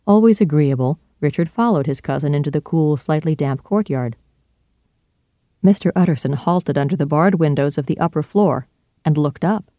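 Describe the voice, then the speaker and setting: A calm storybook narrator reads with a steady, measured delivery. The voice is mellow and warm, recorded close and dry. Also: medium pitch, dry recording.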